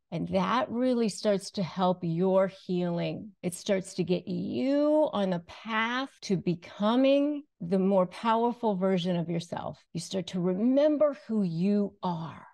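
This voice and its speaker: A woman coaching viewers in a direct-to-camera advice lesson, speaking calmly and deliberately and slowing down to stress key phrases. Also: fairly low pitch, vocal fry. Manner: calm, deliberate, often slows to stress phrases. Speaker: host, negotiation and relationship coach.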